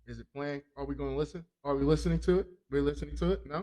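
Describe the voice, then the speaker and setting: A man hosts a comic news podcast in a loose, rambling way, cracking jokes and cursing freely. His voice sits a bit higher than most men's. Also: fairly even intonation, racing, mellow. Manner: rambling, joking, laughs often, profane. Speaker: podcast host. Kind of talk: comic crime news talk.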